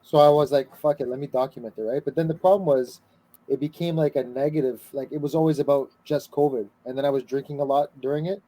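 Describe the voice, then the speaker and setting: Fast-talking podcast host, mellow voice. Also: male voice, medium pitch. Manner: relaxed, swears casually. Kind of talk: casual chat.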